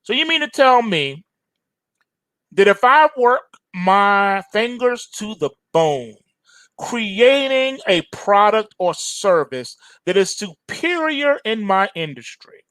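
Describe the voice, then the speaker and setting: A man's voice: high voice, big pitch swings, slow, fairly bright tone, no echo. A man hosting a trading show, giving an emphatic, preachy market commentary full of slang and repetition.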